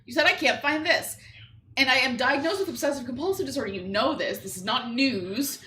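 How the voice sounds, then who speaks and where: A woman in a casual chat off to the side, talking briskly and insistently, teasing. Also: high-pitched, animated, sharp tone, reverberant, a little hiss or hum.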